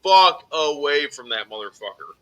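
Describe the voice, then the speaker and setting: A man on a collectors' live stream telling a heated story, swearing heavily and loudly acting out his own angry replies. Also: a little high, animated, normal speed, rough recording. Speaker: podcast host telling a story. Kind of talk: casual live stream chat.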